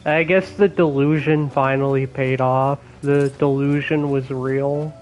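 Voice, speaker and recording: A young man chatting casually while streaming a game, excitable and swearing a lot, with laughs between his words. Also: medium pitch, unhurried, poor audio. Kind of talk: casual gaming stream chat. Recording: faint background noise.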